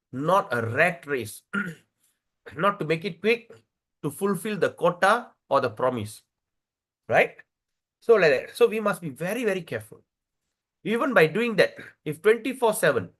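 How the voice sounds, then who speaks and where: A man's voice: high-pitched, a bit bright. A middle-aged man teaching a devotional scripture class, often searching for words and asking his listeners questions.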